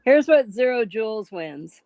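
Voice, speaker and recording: Woman co-host, unhurried, laid-back, dry mic. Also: a little high, very animated, no room sound, dull audio. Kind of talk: casual live-stream chat.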